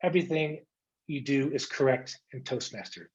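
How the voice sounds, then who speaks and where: A man's voice: mid-range voice, moderate pace, lo-fi sound. A man coaching English pronunciation on a video call, drilling words by repetition and encouraging his students. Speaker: English coach giving a speech. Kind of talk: online English pronunciation lesson.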